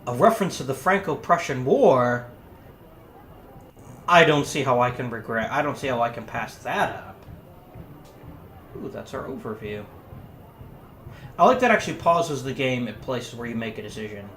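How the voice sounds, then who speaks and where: Guy doing lets play commentary, chatty, thinks out loud, roomy echo, bit of hiss. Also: medium pitch, expressive, moderate pace, pauses often. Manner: casual, thinking aloud. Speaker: let's play host. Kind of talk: gaming commentary. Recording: echoey room, faint hiss.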